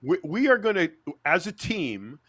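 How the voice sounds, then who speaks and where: A man's voice: high-pitched, very animated, measured pace, fairly bright tone, dry recording, studio quality. A man in a casual chat, eagerly laying out plans for next year. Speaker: podcast co-host.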